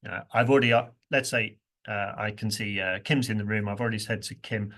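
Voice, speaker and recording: A man with a lowish, slightly bright voice runs a university workshop at a moderate pace. He's playful and interactive, laughing often and acting out the stressed words in his example phrases.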